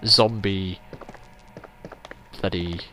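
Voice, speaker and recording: Speaking extremely slowly in a deep voice, a man hosts a let's play, giving chatty, rambling commentary and swearing often, with game music in the background.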